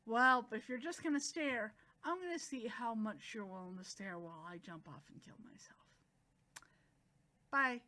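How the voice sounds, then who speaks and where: A woman's voice: a little high, normal speed, pushed and bright. A woman voicing a defiant young girl from a manga, a god's unwilling bride, talking bluntly and sharply.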